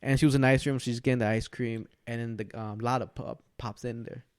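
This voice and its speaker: A young podcast co-host speaks casually at an ordinary middle pitch, with a steady, clear, resonant voice. He rambles loosely through a long story and acts out other people's lines with quick impressions of them.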